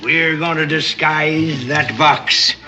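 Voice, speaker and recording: A man's voice: on the high side, steady tone, slow. An actor playing a grizzled, crafty old male sea captain who talks in salty sailor slang and blusters. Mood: scheming, gruff. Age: older. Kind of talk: 1960s TV drama acting. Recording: muffled old TV soundtrack with music.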